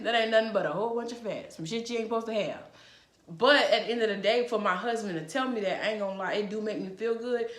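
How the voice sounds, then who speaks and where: A woman vlogger speaks straight to the camera in a loose, chatty way, blunt and unfiltered, swearing freely. Her voice sits at an ordinary middle pitch and carries a roomy echo from an indoor space. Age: adult. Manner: blunt, frank and profane; chatty and emphatic. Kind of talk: casual advice vlog. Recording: echoey room.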